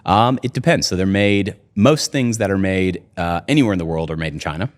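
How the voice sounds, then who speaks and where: Very deep-voiced man. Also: brisk. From United States. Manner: rambling, leans on "you know" and "right?". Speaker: company co-founder, guest. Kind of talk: casual podcast interview.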